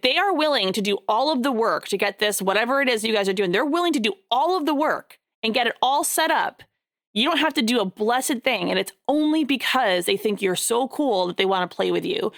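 A woman in her thirties with a gravelly, creaky edge, talking in a relaxed chat. She tells parenting stories with energy and acts out what she said to her kids. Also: medium pitch. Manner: animated storytelling, quoting herself at length. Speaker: parent co-host. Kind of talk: casual chat.

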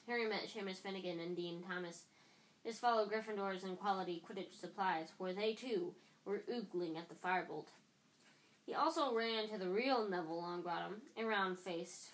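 A woman reading a novel aloud, steady, with small stumbles that she corrects as she goes. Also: mid-range voice, rough recording. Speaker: reader.

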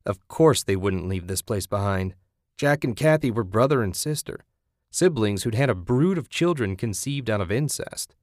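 Male audiobook narrator, measured delivery, low pitch, dry close recording. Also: expressive, a little mellow, dry recording.

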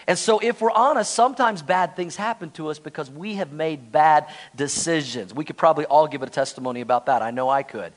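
A man's voice: a little high, lively intonation, fairly quick, hardly any pauses. A man preaching a sermon as pastor, telling a funny personal story with lots of energy and joking asides.

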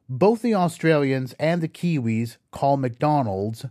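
A man hosting an educational podcast, reading a scripted explanation slowly and carefully and spelling words out letter by letter. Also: medium pitch, sing-song, dark tone, no echo, studio quality. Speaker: podcast host.

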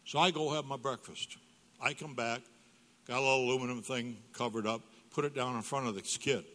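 His voice is medium-pitched, steady, brisk and fairly bright: an older guest preacher telling humorous stories in a church sanctuary. He acts out the dialogue with big jumps in his voice, and the recording carries the hall's reverberation.

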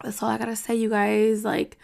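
A woman with a gravelly, fry-heavy voice pitched a little high talks straight to her listeners on a podcast. She is heated and blunt and swears freely. She rambles and restarts as the feeling takes hold. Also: monotone, brisk, a little mellow. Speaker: podcast host. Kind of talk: casual podcast monologue.

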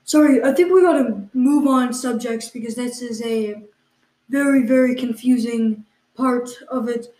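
A woman co-hosting an improvised comedy podcast, her voice sitting a little high. She questions her partner in mock exasperation, padding her lines with ums and uhs. The room around her is echoey. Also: unhurried, mellow. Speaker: podcast co-host.

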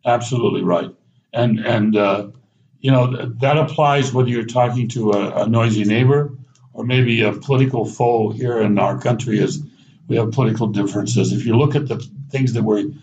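A man talks at an even middle pitch, telling animated anecdotes with chuckles and restarts as a guest in conversation. The recording is slightly dull and lo-fi. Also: moderate pace. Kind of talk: conversational storytelling.

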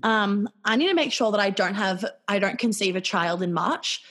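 A woman co-hosting a casual chat, talking fast and scattered, swearing and giggling often. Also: medium pitch, lively intonation, fairly bright tone. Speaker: podcast co-host.

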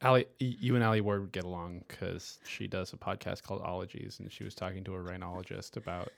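A man's voice: low-pitched, fairly even intonation, quick pace, creaky. A man co-hosting a podcast in a casual chat, earnestly laying out his points one by one and stumbling on a word now and then. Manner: earnest, explains points in lists, some stammering. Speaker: podcast co-host.

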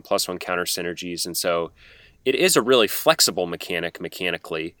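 A man's voice: on the low side, pushed and bright, clear, resonant tone, no echo, studio quality. A man who is a podcast guest, explaining at length in a thoughtful, casual way.

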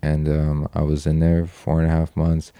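A man's voice: very deep voice, completely flat delivery, normal speed, mellow, no room sound. A young man casually telling a long story as an interview guest, laid-back and swearing freely. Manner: laid-back, swears freely, acts out other people's lines.

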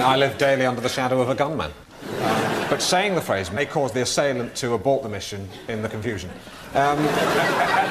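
A man's voice: mid-range voice, close to an everyday voice. Alan Partridge, a man playing a pompous chat show host. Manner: stammering, flustered, pompous. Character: awkward, self-important male chat show host. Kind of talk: 1990s TV sitcom acting. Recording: noisy old TV recording.

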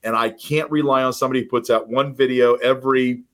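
Animated man coaching real estate agents. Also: medium pitch, fast talker. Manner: animated storyteller, acts out quoted dialogue. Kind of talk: casual podcast conversation.

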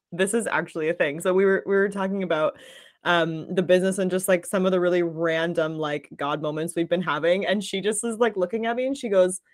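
A woman hosting a podcast interview, encouraging her guests with steady backchannel and getting animated when telling anecdotes. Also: fairly low pitch. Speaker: podcast host. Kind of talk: casual interview chat.

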